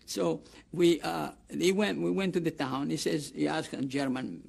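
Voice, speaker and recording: Gravelly old Greek-accented man telling stories. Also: on the high side, moderate pace, darkish tone. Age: older. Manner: rambling storytelling with many restarts, acts out quoted dialogue. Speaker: interviewee, camp survivor. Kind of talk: oral history testimony.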